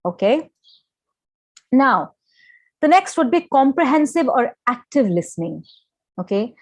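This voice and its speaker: A woman explains each point to a class. She has a fairly high voice and keeps asking "okay?" The sound is close and dry, with no room echo. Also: big pitch swings, a little slow. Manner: explanatory, mixes English and Hindi phrases, frequent "okay?" checks. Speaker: lecturer. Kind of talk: lecture on listening skills.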